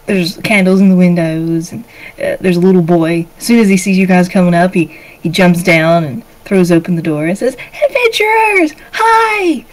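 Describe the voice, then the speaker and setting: A woman's voice: fairly low pitch, moderate pace, rough recording. Woman game master, casual narration with lots of "uh"s. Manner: relaxed, filler-heavy narration.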